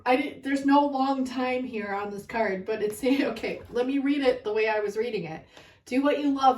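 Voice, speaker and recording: A woman with a fairly high voice gives a casual card reading to her viewers, emotional and overwhelmed as she talks. She sits back from the mic, and the room is echoey. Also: far from the mic. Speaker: tarot card reader.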